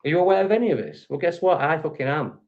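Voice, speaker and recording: A man's voice: a little high, lively intonation, quick pace, phone-quality sound. A man from England with an English accent, ranting angrily and profanely at the critics in his reaction video. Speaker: vlogger. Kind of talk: angry reaction rant.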